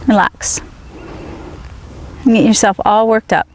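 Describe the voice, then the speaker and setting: A woman's voice: a little high, steady tone, slow, a little hiss or hum. A woman horse trainer giving a riding demonstration outdoors, firmly coaxing her horse with short praise while explaining to viewers.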